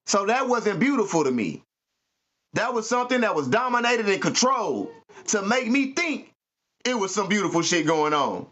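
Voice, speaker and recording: A man with a high, bright, sharp-edged voice delivers a spiritual pep talk with preachy emphasis and plenty of street slang and cursing. The audio is muffled and lo-fi. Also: very animated, normal speed. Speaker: podcast host.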